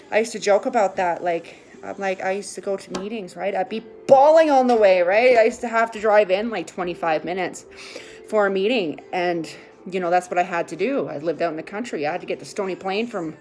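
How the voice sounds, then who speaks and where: A woman's voice: medium pitch, a little mellow. A woman talking candidly in a casual rambling monologue, full of fillers and restarts, with occasional swearing and a tearful edge. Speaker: vlogger sharing her recovery.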